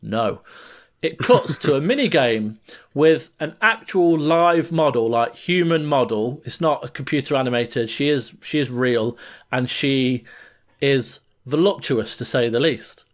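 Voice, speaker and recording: A man's voice: mid-range voice, lively intonation, a little slow. A man co-hosting a podcast, retelling a game scene with lots of laughter and restarts. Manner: laughs while telling a story, trails off and restarts. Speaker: podcast co-host. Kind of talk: casual chat, animated retelling.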